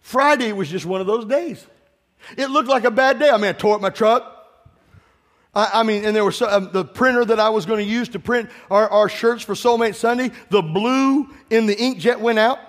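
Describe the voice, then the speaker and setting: A man's voice: sits high, normal speed. A man preaching a sermon to his congregation, urging them to call out responses and telling stories from his own life. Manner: exhorting, calls for congregation responses, tells personal stories. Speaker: pastor. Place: church sanctuary with congregation. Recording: long reverb of a large hall.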